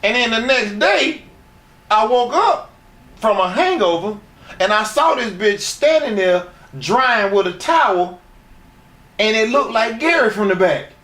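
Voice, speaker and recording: Guy telling wild profane stories, laughs a lot, kinda high voice. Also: animated, a little slow, a bit bright, reverberant. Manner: crude, rambling, laughs through his stories. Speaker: interview guest. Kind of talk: profane shoot-interview storytelling.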